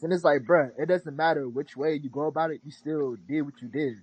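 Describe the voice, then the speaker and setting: A husky man with a slightly high voice, talking expressively in a casual podcast chat. He slips into mocking impressions of others as he makes his point. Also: brisk, few pauses, a little mellow, poor audio. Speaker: podcast co-host.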